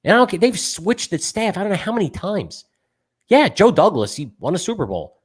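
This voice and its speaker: A man co-hosting a sports talk show, talking fast and emotionally as a self-described fan. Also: high-pitched, sing-song, breathy edge.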